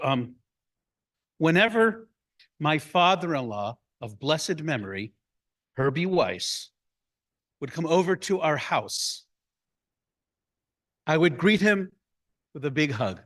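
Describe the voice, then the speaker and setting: Man, rabbi, slow deliberate delivery, slightly high voice, congregational address. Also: very animated, fairly bright tone. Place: room filled with people.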